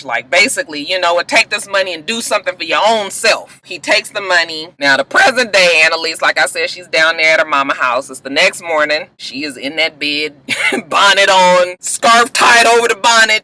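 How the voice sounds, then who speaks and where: A man talking through TV episodes in a loose, slangy vlog, voicing the characters as he goes. His voice is very bright and sits a little high. He keeps it animated and chatty throughout. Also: rough recording. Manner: animated, slangy storytelling with acted quotes. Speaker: video blogger reviewing TV episodes. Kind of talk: casual recap vlog.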